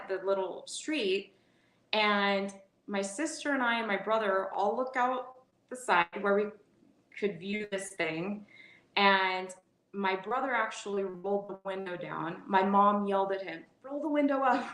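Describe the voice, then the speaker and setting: Woman guest in her 40s, animated storyteller who laughs easily and restarts her sentences, recorded in a roomy, echoey space. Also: medium pitch. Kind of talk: casual storytelling interview. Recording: echoey room.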